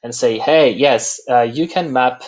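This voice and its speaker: A presenter who is a native French speaker, with a French accent and a mid-range voice, walks through a live software demo. His speech is halting, broken up often by "uh."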